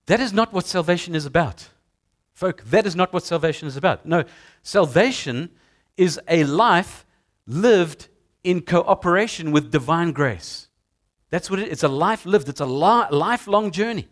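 A man's voice: high voice, a little slow. A male pastor preaching a sermon in a conversational way to his congregation in a church. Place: church sanctuary.

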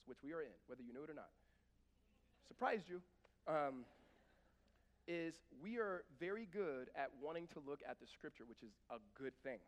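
High-voiced man preaching in a reverberant hall. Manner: animated, conversational preaching with emphatic bursts. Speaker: pastor. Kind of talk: sermon.

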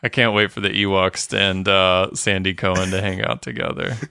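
A man with a lowish, bright and crisp voice talks through a show recap as a podcast co-host. His delivery is loose and conversational, full of "like" and offhand swearing. The sound is dry and close. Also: fairly even intonation, normal speed, no echo. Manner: laid-back, swears casually, frequent fillers. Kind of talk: casual recap chat.

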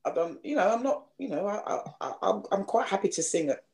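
Give me a London woman with a slightly posh accent, hosting a podcast in a halting, casual way. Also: mid-range voice, expressive, a little mellow. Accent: London, slightly posh with a Cockney edge. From East End of London. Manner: halting, repeats words, many 'you know's. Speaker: singer and podcast host.

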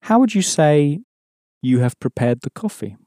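A man's voice: on the high side, lively intonation, moderate pace, warm tone, no room sound, clean studio sound. A man teaching an audio language course, patiently explaining and prompting the learner to answer.

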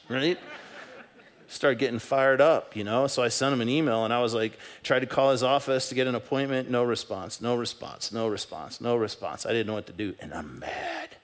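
A man's voice: mid-range voice, brisk. A man preaching a sermon as pastor, talking in a conversational way and acting out the voices in his stories. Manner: animated, conversational, acts out quoted voices. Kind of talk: sermon with storytelling. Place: church sanctuary.

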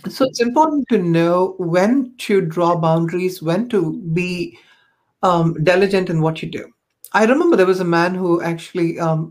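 A woman, a podcast guest, telling personal stories in an earnest, reflective way with frequent ums and you-knows. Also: lowish voice. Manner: earnest, reflective, many fillers like um and you know. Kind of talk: personal storytelling in conversation.

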